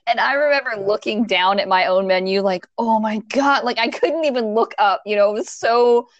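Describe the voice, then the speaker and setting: A woman's voice: medium pitch, brisk, lo-fi sound. A woman in her thirties chatting casually, telling stories with lots of laughter and acted-out quotes. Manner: animated, laughs often, acts out quotes. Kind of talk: casual storytelling chat.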